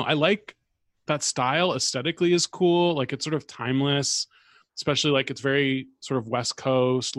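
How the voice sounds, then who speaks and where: A man of middle pitch chats casually with a co-host, wry and full of little hedges. The sound is dry and close, with no room around it. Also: dry recording. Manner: chatty, wry, hedging with fillers. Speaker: podcast co-host. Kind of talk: casual chat.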